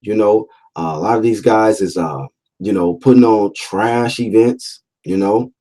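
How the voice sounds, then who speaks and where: A man hosts a casual boxing livestream, talking loosely in laid-back slang, repeating phrases, and reading out viewer comments from the chat. He's talkative, with fillers and restarts, and his voice is fairly low, unhurried and mellow.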